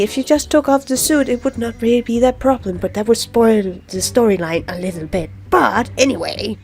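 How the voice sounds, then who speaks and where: A woman's voice: fairly high pitch, normal speed, vocal fry, hardly any pauses, darkish tone, faint music behind. A woman giving casual, rambling gameplay commentary, chatty and giggly. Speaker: let's play commentator.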